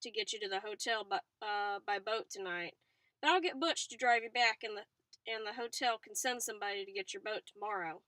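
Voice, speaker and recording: A woman reading a calm, easygoing fisherman. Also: mid-range voice, fairly quick, dry recording, natural voice.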